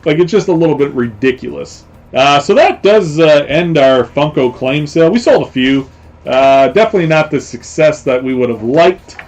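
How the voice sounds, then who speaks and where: A man's voice: fairly high pitch, lively intonation, moderate pace, a little mellow. A man hosting a casual live stream, rambling along with lots of fillers and repeated phrases. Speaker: host.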